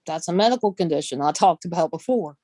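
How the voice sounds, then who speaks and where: A Southern woman with a Southern accent chats casually on her vlog, laughing a lot and tossing out folksy phrases. Her voice sits lowish and warm, with lively intonation and a quick pace, recorded without echo.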